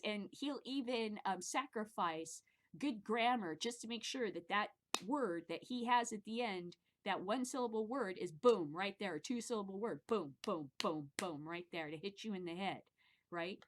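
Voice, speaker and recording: Middle-aged woman host from the Midwest, loose and rambling monologue, cusses freely, animated delivery. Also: medium pitch, normal speed, background noise. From American Midwest. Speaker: podcast host. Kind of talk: casual monologue commentary.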